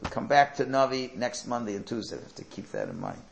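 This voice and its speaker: A man's voice: mid-range voice, huge pitch swings, quick pace, gravelly, heavy background noise. A man teaching a Torah class, telling stories and asking rhetorical questions that he answers himself. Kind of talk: lecture with storytelling.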